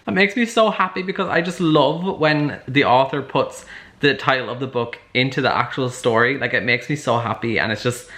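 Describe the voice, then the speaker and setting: Excitable guy vlogging from home about books, bright forward voice, gushes a lot. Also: mid-range voice, moderate pace. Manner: gushing and excitable. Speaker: book vlogger. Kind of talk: casual vlog chat. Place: at home, moving between rooms.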